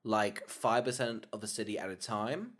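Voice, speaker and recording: A man's voice: fairly low pitch, moderate pace, a bit bright. A man co-hosting a podcast in casual, laid-back movie chat, joking and trailing off. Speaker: podcast co-host.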